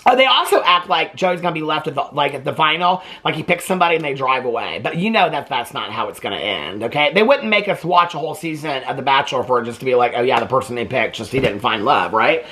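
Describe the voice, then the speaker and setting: A man's voice: fairly high pitch, quick pace, hardly any pauses. Gossipy man dishing on reality TV. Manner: gossipy and animated, peppered with "okay?" and "like". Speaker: TV reaction vlogger. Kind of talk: chatty gossip about a reality show.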